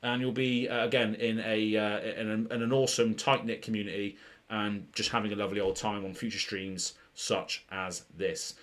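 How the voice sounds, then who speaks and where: A man's voice: fairly low pitch, flat delivery, normal speed, a bit bright. A British man hosting a casual live stream of card pack openings, rambling and joking with lots of "um" and restarts. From Britain. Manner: rambling and jokey, full of "um" and restarts.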